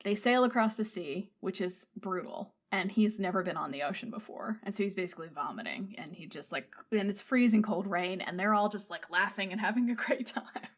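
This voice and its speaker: A woman's voice: mid-range voice, brisk, few pauses. A woman co-hosting a podcast who animatedly retells a film in casual chat, laughing often and swearing freely. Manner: animated storyteller, swears, laughs often, acts out quoted lines. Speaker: podcast co-host.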